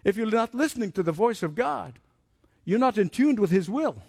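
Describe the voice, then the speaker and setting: Man, preacher, high voice, dry close sound, animated storytelling sermon. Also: normal speed, vocal fry, slightly rough, dry recording.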